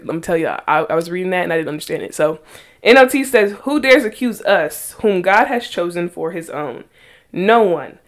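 A woman hosting a faith podcast, earnestly reading Bible verses aloud and pressing her points with emphatic rhetorical questions. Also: fairly low pitch. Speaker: podcast host.

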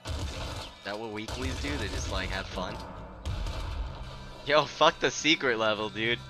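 A young man giving casual, profane commentary while playing a game. He sounds tired and sleep-deprived, and his mumbling breaks into sudden loud outbursts. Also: lowish voice, unhurried. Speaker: gameplay commentator. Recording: game music playing underneath.

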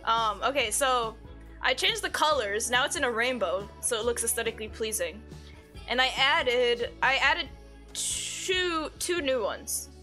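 In a relaxed live stream chat, a woman reads her viewers' messages aloud, swears freely, and giggles often, with faint music in the background. Her voice is fairly high, bright, and forceful, unhurried, with lively intonation.

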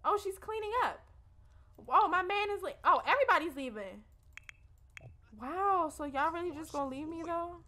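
Lively high-voiced woman chatting over gameplay. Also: normal speed, pauses often. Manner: chatty, talks straight to viewers, slangy and expressive. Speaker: let's play host. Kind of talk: casual gameplay commentary.

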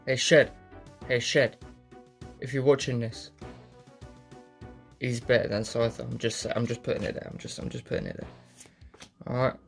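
A man's voice: mid-range voice, steady tone, moderate pace, creaky, long pauses, soft background music. Sweary man opening card packs. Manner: sweary, muttering, jokey asides. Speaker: card pack opener. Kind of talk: casual running commentary.

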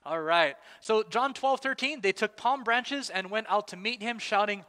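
A man with a high, bright voice hosts relaxed Bible trivia at a church service, teasing listeners and chatting loosely. His voice rings with a long reverb from the hall around him. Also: moderate pace, few pauses. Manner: chatty and playful, joking with listeners. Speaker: church worship leader.

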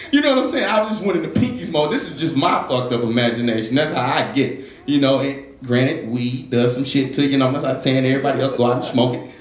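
A man's voice: mid-range voice, quick pace. Young man doing loose open-mic stand-up. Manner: loose, conversational, profane. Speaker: stand-up comedian. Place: jazz club open mic. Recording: roomy club with faint ambience.

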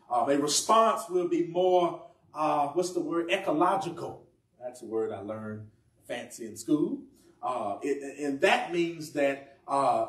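A man's voice: on the high side, reverberant, recorded from a distance. A man preaching a sermon in a conversational, humorous way, asking the congregation questions. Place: church.

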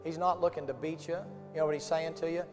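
A man's voice: on the high side, fairly even intonation, fast talker. A man preaching at a camp meeting, pleading and urging his listeners in an altar call. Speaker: pastor. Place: large revival meeting hall. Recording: echoey hall with piano behind. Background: piano playing softly.

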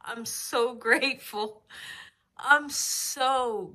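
Slow, heartfelt woman vlogging. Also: a little high, sharp tone. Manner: heartfelt, slow and drawn-out, emotional. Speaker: cooking channel host. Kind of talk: casual personal vlog talk. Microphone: camera very close to her face.

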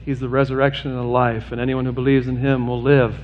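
Preaching quickly to his congregation in a church sanctuary, a man starts with a flat delivery and plain humor, then builds in pitch and intensity toward an urgent, earnest appeal. The sound is lo-fi with slight background noise.

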